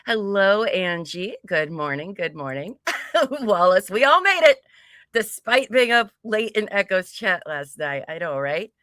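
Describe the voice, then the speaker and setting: A woman's voice: medium pitch, sing-song, a little slow, fairly bright tone, no room sound, studio quality. A woman co-hosting a casual livestream, greeting viewers by name with frequent giggles. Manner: bubbly, giggly, reads chat names aloud. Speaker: livestream co-host.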